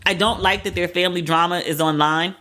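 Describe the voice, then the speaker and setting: A woman's voice: lowish voice, steady tone, fairly quick, bright, forceful tone. A woman hosting a podcast, giving frank, profane pop-culture commentary and retelling what others said in casual quoted asides. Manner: candid and profane, heavy use of "like". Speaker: podcast host.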